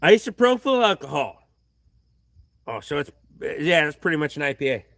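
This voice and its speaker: This livestream host's voice is a little high, sing-song, and a bit bright, with vocal fry, and he talks at normal speed while reading chat aloud. Recording on a tripod camera in his home workshop, he curses casually and bluntly, and the studio-quality audio has no room sound.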